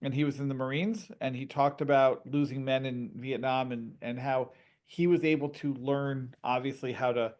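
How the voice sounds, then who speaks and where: A man, a parent, telling stories with lively energy in a conversation over a video call. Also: medium pitch. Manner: animated storyteller, quick and lively. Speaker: parent and guest.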